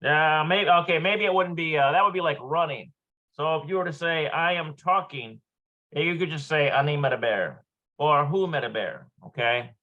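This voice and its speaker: A man's voice: on the high side, moderate pace, highs cut off. A man working through a Hebrew vocabulary lesson aloud, thinking as he goes and checking his pronunciation.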